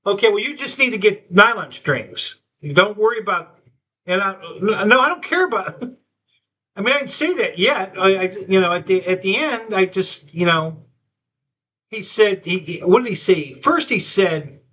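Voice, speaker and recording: Male stream host, rambling storyteller, high and bright-toned. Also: expressive, moderate pace. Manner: rambling storyteller, many restarts, quotes himself and others. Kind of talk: casual live-stream chat.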